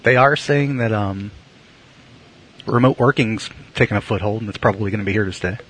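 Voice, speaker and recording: A man's voice: fairly low pitch, steady tone, brisk, fairly bright tone, husky, low-quality recording. A man hosting a casual chat, rambling with lots of fillers and dry jokes.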